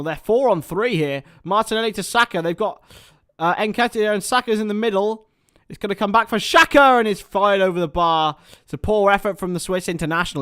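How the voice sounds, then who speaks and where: A man doing chatty live football commentary for a watchalong stream, excitable and talking to his viewers. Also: on the high side, clear, resonant tone, dry recording, studio quality.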